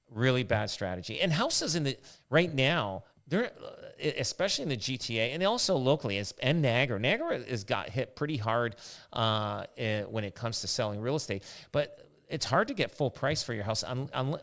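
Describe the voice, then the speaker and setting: A man's voice: medium pitch, fairly bright tone. Rambling man telling stories. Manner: rambling anecdotal storytelling. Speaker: realtor and podcast host. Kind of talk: casual podcast chat.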